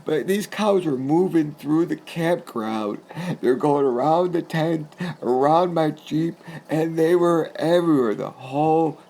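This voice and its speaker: A man from New England recounts a personal story in loose, rambling, conversational speech. His voice has a gravelly, creaky grain, and he chuckles often while telling it. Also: on the high side, unhurried, mellow. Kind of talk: casual spoken anecdote.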